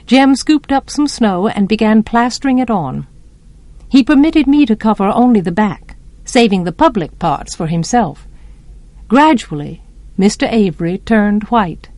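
A woman reading a novel aloud as an audiobook narrator, measured and expressive. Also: fairly high pitch, no room sound. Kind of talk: storybook narration.

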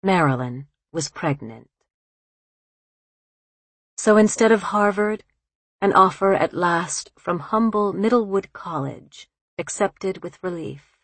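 A woman reading literary fiction aloud in a calm, unhurried narration on a close studio mic. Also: fairly low pitch, no echo. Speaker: audiobook narrator.

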